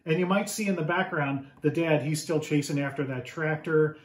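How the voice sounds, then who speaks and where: A man reading his picture book aloud to children, animated and asking the listeners questions. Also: fairly high pitch, normal speed, echoey room.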